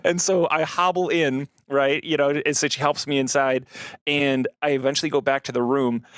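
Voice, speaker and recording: A man co-hosting a podcast, telling a story in casual chat, animated and laughing through it. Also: mid-range voice, moderate pace, no echo. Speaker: podcast co-host.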